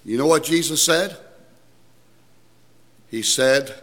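A man's voice: high voice, expressive, slow, pauses often, long reverb tail. A man preaching a sermon to a congregation, emphatic and calling out for amens as he explains scripture. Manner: emphatic, calls for amens, rising to shouts.

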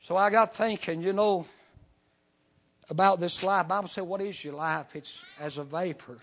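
A man, preaching a revival sermon. He tells his testimony in short rhythmic bursts, tagging almost every phrase with "amen". He climbs to full shouts and then drops to hushed, low lines. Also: steady tone, moderate pace. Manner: swings from shouting to near whisper.

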